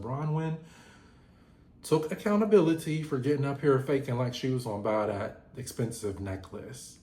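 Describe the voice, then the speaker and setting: A man hosting a casual reality TV recap, talking in animated, slangy, gossipy bursts and laughing often. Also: medium pitch. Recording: roomy echo.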